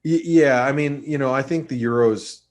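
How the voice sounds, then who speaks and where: A man's voice: mid-range voice, moderate pace, a little mellow. A man giving casual, rambling market commentary on a webinar, with many restarts and fillers. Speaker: market analyst co-host.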